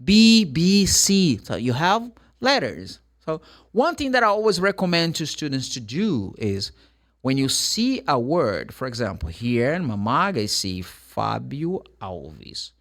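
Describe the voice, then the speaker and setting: A middle-aged man from Brazil, a native Portuguese speaker with a Brazilian accent, giving a casual English lesson and slowly spelling words out letter by letter. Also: mid-range voice, very animated, fairly bright tone. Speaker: English teacher.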